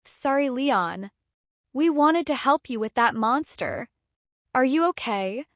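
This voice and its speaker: A woman's voice: high-pitched, lively intonation, takes it slowly, fairly bright tone, dry recording, clean studio sound, full character voice. A woman narrator voicing a guilty young female adventurer who speaks in a trembling, pleading way.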